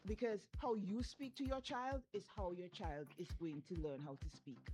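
A woman's voice: medium pitch, sing-song, moderate pace, darkish tone, rough recording. A woman, a parent speaking earnestly and emphatically in a casual discussion. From Saint Vincent. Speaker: parent discussing children's speech.

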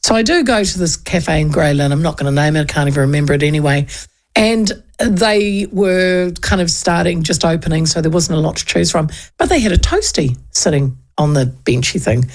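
A middle-aged New Zealand woman hosting a radio show, telling a story in a chatty, animated way with frequent laughs. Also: sits low, brisk. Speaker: radio host. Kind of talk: casual storytelling chat.

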